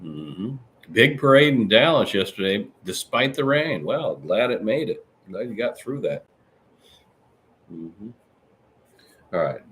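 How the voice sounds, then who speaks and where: A man hosting a live-stream podcast chats casually and rambles while reading viewer comments aloud, his pitch swinging animatedly. He speaks at a slow pace with long pauses, against slight background noise.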